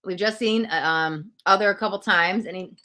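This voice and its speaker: A woman's voice: mid-range voice, moderate pace, bright, forceful tone. A woman hosting a live-stream tarot reading, talking through the cards in a reflective, coaching way and thinking aloud as she pulls them. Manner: reflective, coaching, spiritual self-help talk. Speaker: tarot reader.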